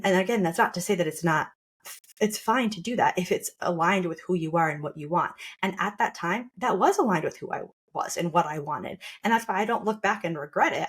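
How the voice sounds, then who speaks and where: A woman's voice: on the low side, breathy edge. A young woman on a podcast, talking casually and reflectively about becoming a mother, often restarting her sentences. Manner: reflective, with frequent restarts and laughter. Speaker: podcast co-host sharing her birth story.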